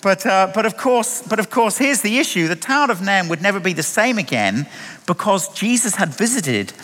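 A man's voice: sits high, big pitch swings, moderate pace, a bit bright. A man preaching a sermon, emphatic and full of rhetorical questions. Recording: long hall reverb.

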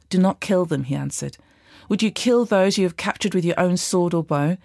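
A woman with a fairly low voice reads scripture at a steady, measured pace. The sound is very dry and close, with no room around it. She lifts her tone a little for each quoted line. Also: no echo. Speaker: Bible reader. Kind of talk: scripted Bible reading.

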